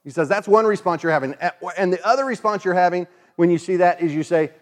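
A man preaches a sermon in a relaxed, conversational way. His voice sits a bit on the high side, and he briefly acts out the voices of the people he quotes. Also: fairly quick. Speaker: pastor.

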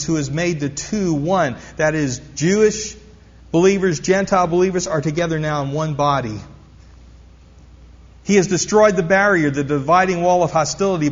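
Man preaching in a reverberant hall. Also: high-pitched. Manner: emphatic, repeats key phrases, asks the congregation questions. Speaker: pastor. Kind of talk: sermon. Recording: long hall reverb, dull lo-fi sound.

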